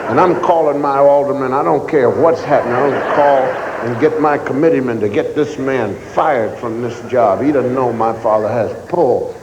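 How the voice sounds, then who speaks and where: A man in his forties telling an animated stand-up story on a theater stage, acting out scenes. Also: mid-range voice, normal speed, few pauses, highs cut off. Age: 40s. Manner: animated, acts out scenes and voices. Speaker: stand-up comedian. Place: large theater stage, live show. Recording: echoey theater hall, audience noise.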